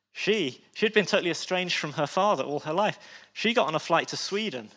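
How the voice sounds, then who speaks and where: A man's voice: fairly high pitch, animated, a little fast, hardly any pauses, bright, forceful tone, in a large hall. Storytelling male preacher. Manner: frequent restarts, emotional asides. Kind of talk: sermon storytelling.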